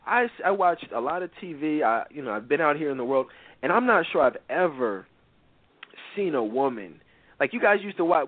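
A man with a fairly high voice delivers opinionated talk-radio commentary, blunt and preachy, stressing his points hard. The sound is dry and thin, like it's coming down a phone line. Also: no room sound. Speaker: radio show host.

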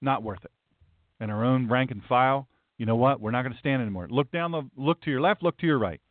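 A man's voice: medium pitch, quick pace, no room sound. A male host delivering a blunt, emphatic, sarcastic talk-show monologue. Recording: tinny phone-like, dry.

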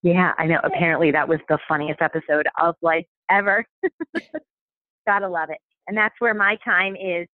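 A woman's voice: lowish voice, fairly even intonation, normal speed, no room sound. A chatty woman rambles through a casual conversation, full of fillers and restarts. Her voice comes over a thin, phone-like line, and the sound is dry, with no room around it. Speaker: podcast guest, stay-at-home mom. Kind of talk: casual chat.

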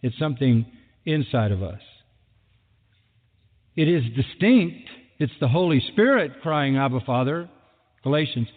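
A pastor preaches emphatically, hammering points home through repeated phrases. His voice is on the high side with lively intonation, at a measured pace with long pauses. The sound is thin and phone-like, with a long hall reverb.

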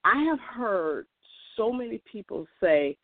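A woman's voice: on the high side, big pitch swings, measured pace, dry recording. A woman in a casual monologue, earnest and emphatic, often restarting her sentences. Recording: tinny, dry phone-like sound.

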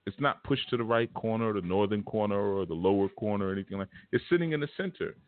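Deep-voiced man giving a spiritual lecture. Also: expressive, quick pace. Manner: casual, emphatic, vernacular preaching. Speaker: spiritual teacher. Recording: tinny phone-like line with faint music.

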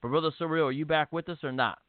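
A man hosting a casual online radio show, talking in a relaxed, chatty way with plenty of fillers. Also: a little high, rapid-fire, dry recording. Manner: relaxed, conversational, many fillers. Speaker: host. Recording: tinny phone-line audio.

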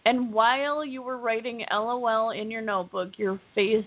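A woman's voice: a little high, normal speed. A woman co-hosting a podcast, chatting casually and teasing her co-host. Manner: teasing, lively, agreeing often. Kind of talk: casual recap chat. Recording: tinny phone-like sound.

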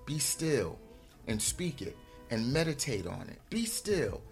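A man hosting a show as a life coach, giving a gentle, reflective talk on grief and often checking in with "right?". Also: medium pitch, sing-song, a little slow, soft background music. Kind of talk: heartfelt motivational talk.

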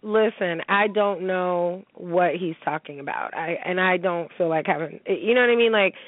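A woman's voice: lowish voice, normal speed, no room sound. A woman hosting a podcast, telling a story in casual chat with blunt, profane outbursts. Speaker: podcast host. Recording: tinny phone-line sound.

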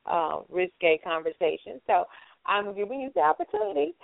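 A woman hosting a call-in talk show, polite and measured, with some fillers. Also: medium pitch, very animated, creaky, dry recording. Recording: tinny phone line.

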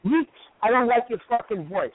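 Guy putting on a loud cursing italian-american tough guy, high and jumpy, tinny phone sound. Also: lively intonation, moderate pace, a crowd in the background. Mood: furious. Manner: profane, aggressive, shouting insults. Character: loud brash Italian-American man, hot-tempered. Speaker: radio comedy character caller. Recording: tinny dry phone line.

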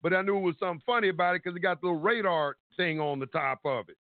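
High-voiced man telling a story over the phone. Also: racing, no echo. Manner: animated storytelling, acting out quotes, swearing. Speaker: caller. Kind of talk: call-in radio storytelling. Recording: tinny phone line, dry.

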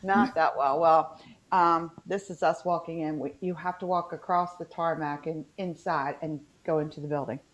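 A woman with a Southern Appalachian accent talks in a loose, rambling way, full of fillers. Her voice sits a little low. The video call audio is dull and lo-fi. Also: steady tone, normal speed. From West Virginia. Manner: rambling, chatty, many fillers. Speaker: podcast co-host. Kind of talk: casual chat.

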